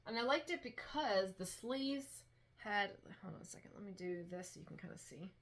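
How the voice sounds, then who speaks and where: A woman's voice: medium pitch, animated, moderate pace, fairly bright tone. Woman vlogger, casual and rambling, chatting at home about thrift finds. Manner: chatty, rambling, frequent "like" and restarts. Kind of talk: casual chat. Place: home dining room.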